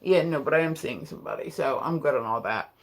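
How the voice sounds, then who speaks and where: Here a young adult from Delaware livestreams and talks fast to the chat, laughing often and leaning on plenty of fillers. Nothing about the sound stands out; the pitch is plain middle range.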